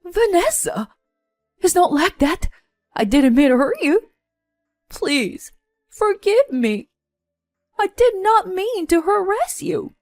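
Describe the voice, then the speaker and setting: A scheming middle-aged mother-in-law, put on by a woman narrator, begs and excuses herself in a high, shrill voice. The sound is dry and close, with soft music underneath. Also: dry recording, heavily acted.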